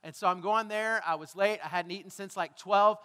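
Pastor guy preaching, chatty, keeps asking the crowd stuff, high bright voice, long church echo. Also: a little fast, clear, resonant tone. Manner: conversational, asks the congregation questions, self-deprecating asides. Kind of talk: sermon. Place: church sanctuary.

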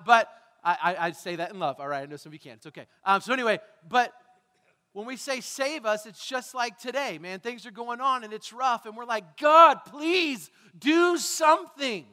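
This pastor's high, bright, pushed voice moves fairly quickly as he preaches in a large church hall. He keeps things conversational, quizzing the congregation and tossing in self-deprecating asides.

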